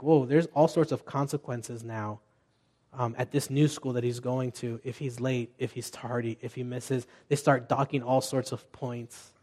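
A man's voice: medium pitch, a little mellow. A middle-aged man preaching a conversational sermon as pastor, telling family stories with restarts and asides.

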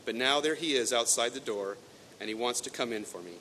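A man's voice: brisk, bright, forceful tone, close to an everyday voice. A man reading a sermon story and voicing a young, weepy, spoiled princess who pleads with a frog. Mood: anxious. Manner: pleading, then dismissive. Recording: echoey hall, faint rumble.

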